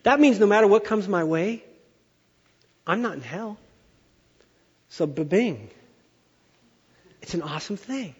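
A middle-aged male pastor preaching a sermon in a church, an animated storyteller who exaggerates for effect. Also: sits high, a little slow, long pauses, husky. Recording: dull sound with long hall reverb.

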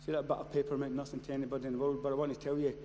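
A man preaching a sermon. He moves from quiet storytelling to loud, impassioned shouting. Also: mid-range voice, flat delivery, very fast. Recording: long hall reverb, faint noise.

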